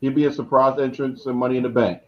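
A man's voice: mid-range voice, level tone, quick pace. Man talking wrestling on a muffled mic. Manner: lays out booking ideas, pushy questions. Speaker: podcast co-host. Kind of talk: casual wrestling chat.

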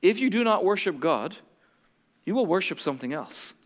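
A man's voice: high-pitched, sing-song, moderate pace. A male pastor preaching an impassioned, dramatic sermon to a congregation in a large church hall. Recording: long hall reverb.

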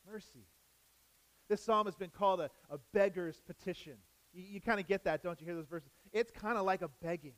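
High-voiced man preaching with emphatic repetition. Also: brisk, rough recording. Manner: repeats key phrases for emphasis, asks the congregation rhetorical questions; swings between loud emphatic lines and soft low asides. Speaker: pastor. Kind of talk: sermon.

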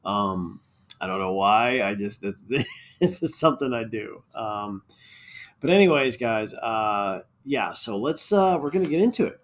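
A man's voice: on the low side, expressive, a little slow. A man hosting a casual solo podcast, venting earnestly with lots of fillers and restarts, recorded while sitting on the floor of a child's bedroom. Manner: frequent fillers and trailing restarts. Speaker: podcast host.

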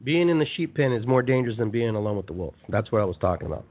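A man hosting a motivational spiritual talk show, speaking in an animated, conversational way and repeating phrases for emphasis. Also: on the low side, very fast. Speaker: radio show host. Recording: tinny phone-line sound.

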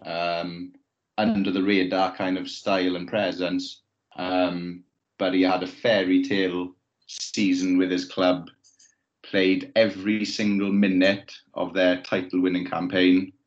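A man co-hosting a podcast, talking in a measured way and building up trivia with pauses and ums. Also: low-pitched, level tone, dull audio. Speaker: podcast co-host. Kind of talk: casual podcast banter.

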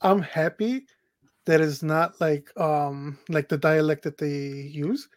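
A man's voice: fairly high pitch, fairly even intonation, slow, dry recording, studio quality. A man co-hosting a casual chat, hesitant and full of fillers, mixing English and Spanish. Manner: hesitant, filler-heavy, says dude a lot. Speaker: podcast co-host.

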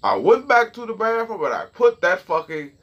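A man's voice: high voice, big pitch swings, normal speed, a bit bright, dull audio. A young man telling a story and ranting in a casual, profane, heated way straight to his viewers. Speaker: vlogger.

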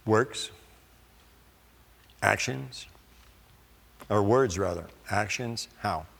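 Slow gravelly preacher in a hall. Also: male voice, on the low side, a bit bright. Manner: slow, deliberate reading of scripture with pauses. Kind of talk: sermon.

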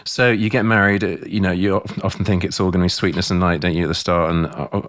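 A man with a very deep voice interviews a guest on his podcast. His questions come out halting and conversational, and the sound is dry and close, with no room in it. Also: steady tone, fairly bright tone, dry recording. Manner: halting, with fillers and restarts, brief responses.

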